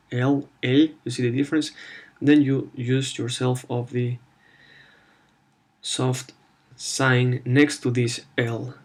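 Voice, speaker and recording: A man teaching the alphabet in a lesson, slowly sounding out each letter several times. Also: medium pitch. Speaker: language teacher.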